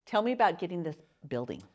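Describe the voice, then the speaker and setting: A woman's voice: fairly low pitch, very animated, moderate pace, darkish tone. A woman hosting a casual chamber of commerce podcast, teasing her guest and prompting him to fill in details of his story. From Southern California. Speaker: podcast host. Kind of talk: casual interview.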